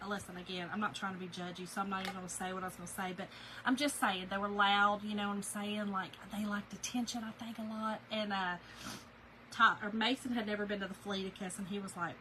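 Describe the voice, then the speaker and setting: A woman's voice: mid-range voice, little pitch movement, brisk, background noise. A woman, chatting and laughing as she tells a story to her viewers while working on a craft project. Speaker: craft video host.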